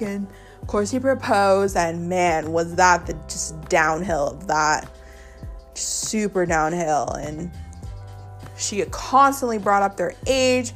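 A woman podcast host chatting casually about a show she has been watching. She is gossipy and loose, full of fillers and quick impressions of what others said. Faint music sits in the background. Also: mid-range voice. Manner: chatty, gossipy recap with fillers and quoted reactions. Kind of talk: casual chat.

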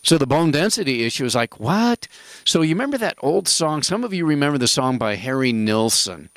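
Gravelly man hosting a radio health show. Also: medium pitch, big pitch swings, brisk, fairly bright tone, no room sound. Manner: rambling, jokey, emphatic asides. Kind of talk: casual radio talk.

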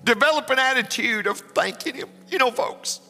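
A man's voice: extremely high pitch, normal speed, pushed and bright. A man preaching a sermon, emotional and building to fervent exclamations. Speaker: pastor. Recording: long hall reverb with faint music.

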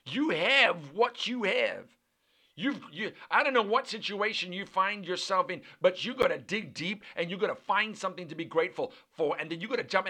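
A man's voice: high-pitched, sharp tone. A man preaching a sermon with fervent, repetitive rhythmic cadence, building lists phrase by phrase.

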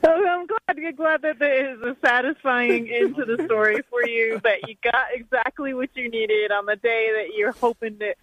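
A woman's voice: on the high side, highs cut off, slight background noise. A woman sports reporter, a guest on a radio talk show, chatting in a friendly, casual way. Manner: friendly, reacts with short interjections. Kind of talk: casual chat.

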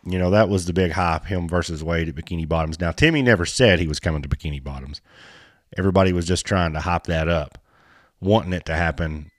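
A man's voice: low voice, quick pace, dry recording, studio quality. A man, hosting a casual chat in a blunt, joking, folksy way. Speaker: podcast host. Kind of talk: casual chat about off-road racing.

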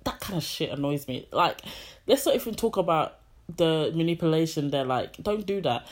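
A woman in casual chat, animated and exasperated, swearing freely. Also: deep voice, moderate pace.

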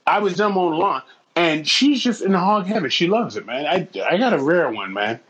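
A man trades blunt, profane banter in a casual podcast chat. His voice is high for a man and leaps widely in pitch as he talks. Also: lively intonation, fairly quick, fairly bright tone. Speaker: podcast co-host.

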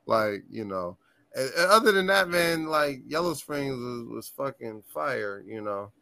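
A man guest on a podcast, telling tour stories in a casual, animated and profane way, laughing often. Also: mid-range voice, a little slow, creaky, a crowd in the background. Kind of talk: casual storytelling chat.

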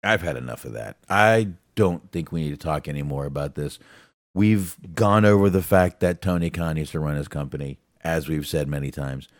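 A man's voice: extremely low pitch, moderate pace, dry recording, studio quality. A man co-hosting a wrestling podcast in casual chat, blunt and profane, laughing often. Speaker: podcast co-host.

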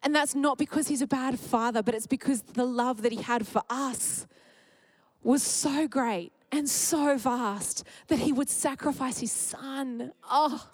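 A woman's voice: sits high, a little slow, dry recording, rough recording. A woman, giving a heartfelt sermon at church, candid and emotional and often laughing. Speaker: speaker at church.

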